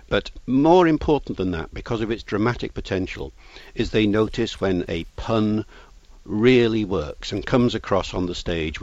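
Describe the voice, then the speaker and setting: A man explains things in a measured, lecturing way while being interviewed. His voice sits fairly low. The recording sounds dull and lo-fi, with a dry, close sound. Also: no echo. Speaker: language expert guest.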